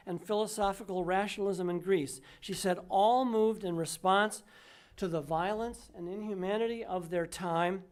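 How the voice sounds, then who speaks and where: An older woman minister delivering a sermon, measured and emphatic, slowing down on key words. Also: medium pitch, darkish tone.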